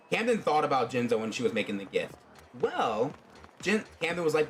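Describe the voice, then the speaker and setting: A man's voice: mid-range voice, very animated, brisk, fairly bright tone, faint music behind. A man casually telling his own fan story on a stream, rambling with many fillers.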